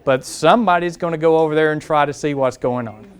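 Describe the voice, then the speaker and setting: Talking fast in a fairly high voice with some chatter behind him, this Southern US man is a campus police safety trainer leading a live seminar in a classroom lecture room. He speaks to the class in a direct, conversational way, going over key points again and quizzing the audience.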